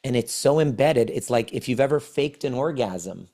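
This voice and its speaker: This podcast guest is a trauma healing coach in his forties who keeps restarting phrases as he earnestly explains. He speaks at a normal pace in a mid-range voice with a dark tone and lively intonation.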